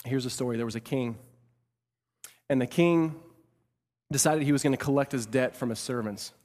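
A man preaching a sermon as pastor, swinging between loud emphatic bursts and hushed delivery, repeating phrases for emphasis. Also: medium pitch, normal speed. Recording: long reverb of a large hall.

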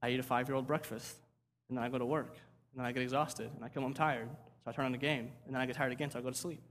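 Conversational pastor preaching in a hall. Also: male voice, mid-range voice, fairly even intonation, very fast, a bit bright, a little hiss or hum. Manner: conversational, repeats words, asks "right?". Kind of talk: sermon.

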